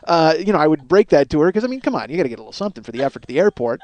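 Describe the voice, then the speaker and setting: Middle-aged guy rambling crude stories on his podcast, self-mocking, kinda high voice. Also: big pitch swings, rapid-fire, hardly any pauses, darkish tone, lo-fi sound. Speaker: podcast host. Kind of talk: rambling solo podcast monologue.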